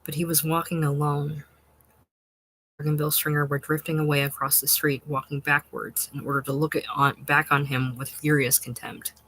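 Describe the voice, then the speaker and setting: A narrator reading a literary short story in a measured, unhurried and expressive way. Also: medium pitch, a little hiss or hum, low-quality recording.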